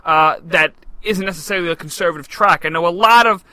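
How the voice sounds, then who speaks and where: A man's voice: sits high, pushed and bright, clean tone, dry recording, rough recording. A young adult man co-hosting a political podcast, brash and joking in casual banter. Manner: brash, joking, quick talker. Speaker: podcast co-host.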